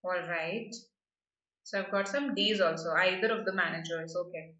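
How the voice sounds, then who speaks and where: A woman's voice: on the low side, normal speed, pushed and bright, roomy sound, highs cut off. A woman teaching a grammar lesson for exam prep, explaining patiently and often checking with "right?".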